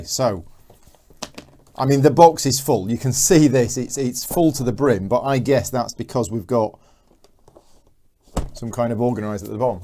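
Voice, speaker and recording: A man's voice: mid-range voice, mellow, a little hiss or hum. A man hosting a live board game unboxing, chatting casually and reading out viewer comments as he goes. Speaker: board game channel host.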